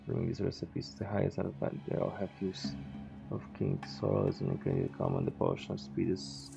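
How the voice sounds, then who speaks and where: Deep gravelly man commenting on a game. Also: very animated, brisk, muffled recording, music in the background. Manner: rambling, self-correcting, swears offhand. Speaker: streamer. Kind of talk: casual gameplay commentary.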